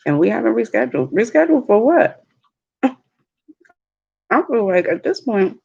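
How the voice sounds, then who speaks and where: A woman, a mother, telling stories in a relaxed, chatty way while eating on a livestream vlog. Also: a little high, creaky, husky, highs cut off. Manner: slow, chatty storytelling with laughs. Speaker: mukbang vlogger. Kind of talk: casual chat while eating. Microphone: livestream mic.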